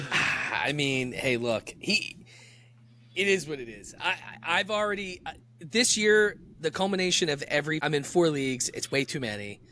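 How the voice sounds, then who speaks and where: A podcast co-host with a bright, forceful voice that swings widely in pitch. He talks excitably and curses freely, over a faint hum of background ambience. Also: moderate pace. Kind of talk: casual chat.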